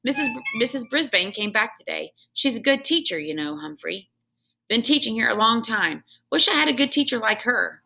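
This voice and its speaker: A woman reading a children's book aloud, voicing a hearty, joking male night janitor who booms and chats. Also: lively intonation, normal speed, gravelly, bright, forceful tone, full character voice. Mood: friendly, chatty.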